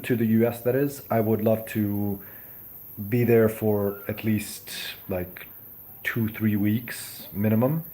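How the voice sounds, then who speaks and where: A man's voice: fairly low pitch, fairly even intonation, slow pace, dark tone. A young man from Serbia, a native Serbian speaker, hosting a casual live chat and answering comments in a hesitant, friendly way. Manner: hesitant, many ums and restarts, friendly. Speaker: live stream host.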